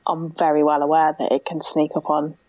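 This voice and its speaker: A young woman with a low, darkish voice speaks at a brisk pace in a level tone, with no room sound audible. She shares an emotional personal story in an interview, earnest and heartfelt, filling her speech with lots of "like."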